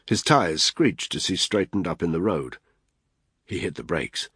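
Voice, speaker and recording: A man narrating a thriller audiobook in a steady, grave scripted style. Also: low-pitched, measured pace, breathy edge, no room sound, studio quality.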